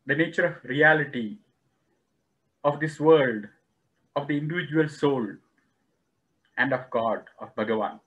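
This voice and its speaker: A man lecturing on Vedic philosophy, telling a story in a slow, measured way and explaining each term. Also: a little high, fairly bright tone, muffled recording. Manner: acts out quoted dialogue in the story.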